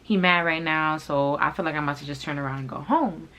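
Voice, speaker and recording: A woman vlogger telling a story in a blunt, profane, animated way, full of "like". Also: low-pitched, fast talker. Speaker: fashion channel vlogger. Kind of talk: casual storytime monologue.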